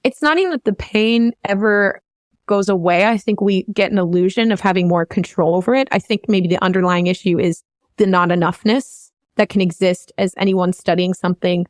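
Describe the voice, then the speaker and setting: A woman's voice: medium pitch, a little fast, no echo. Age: unknown. Sex: woman. Role: vocal coach host. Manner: rambling, earnest, emotionally open. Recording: dry. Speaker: vocal coach hosting a podcast. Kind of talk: candid podcast conversation.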